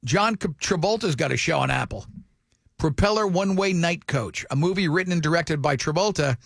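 A man's voice: a little high, a little fast, gravelly, no room sound, studio quality. A man co-hosting a morning radio show, reading entertainment items and teasing his co-hosts in casual banter.

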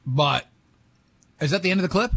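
A man hosting a morning radio show, bantering and running a quiz with quick jokes and frequent laughs. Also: on the high side, animated, creaky, a bit bright, slightly rough. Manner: joking, laughs often, quick asides. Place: radio studio.

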